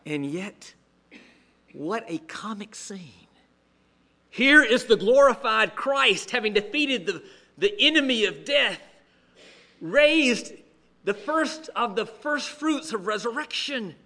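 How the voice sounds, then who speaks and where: A male pastor preaching a sermon with humorous storytelling, animated but dropping to a hush at solemn moments. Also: high-pitched, slow pace, long pauses.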